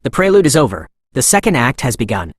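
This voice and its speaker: A man's voice: mid-range voice, sing-song, fast, slightly rough, dry recording, studio quality. A man voicing a boastful, ruthless male martial arts master in a comic recap, reading his taunts. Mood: taunting. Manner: angry, shouting taunts.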